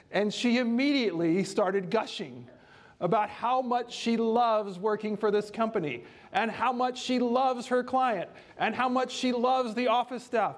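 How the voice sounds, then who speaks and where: A man giving a training presentation on home care, telling a story in a lively, conversational way. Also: high-pitched.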